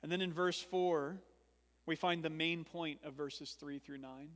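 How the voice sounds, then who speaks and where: A man's voice: a little high, fairly even intonation, unhurried, fairly bright tone. A pastor preaching an expository sermon, teaching earnestly and swelling and dropping his volume for emphasis. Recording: long reverb of a large hall.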